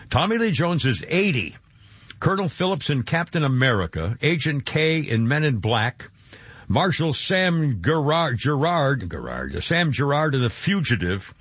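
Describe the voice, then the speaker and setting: A radio show host with a husky, rather high voice that swoops up and down as he rambles through his segment. He gets excitable and laughs easily. The sound is dry and a little dull, like a radio broadcast. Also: dry recording. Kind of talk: casual morning radio talk. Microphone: studio microphone.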